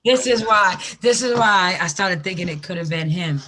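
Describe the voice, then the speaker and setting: Bright, brash male stream host. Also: sits high. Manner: brash, teasing, quick to laugh. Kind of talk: casual group chat on a live stream.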